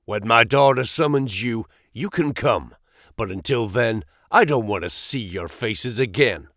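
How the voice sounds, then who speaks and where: A man voicing a sturdy, fiercely protective old farmer who speaks gruffly and angrily. He speaks slowly and with expression. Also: medium pitch, animated, a bit bright, dry recording, studio quality. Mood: angry. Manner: gruff and angry.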